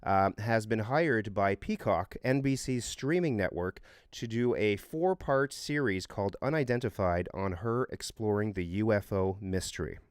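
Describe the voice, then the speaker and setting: Earnest man telling a story, deep. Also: moderate pace, few pauses, clear, resonant tone, dry recording, clean studio sound. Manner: earnest storyteller, many restarts and fillers. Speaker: co-host. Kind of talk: casual podcast chat.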